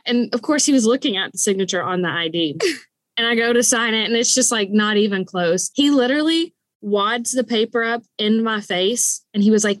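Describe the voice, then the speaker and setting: A woman's voice: on the high side, brisk, no echo. Chatty woman telling a wild story. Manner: animated, laughing storyteller who acts out quoted voices. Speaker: podcast co-host. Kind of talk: casual storytelling chat.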